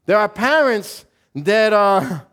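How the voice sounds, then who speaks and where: A man's voice: high-pitched, slow. A man preaching a conversational sermon as a pastor, casual and slangy, telling stories and acting out voices. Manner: animated, animated storytelling with acted-out voices.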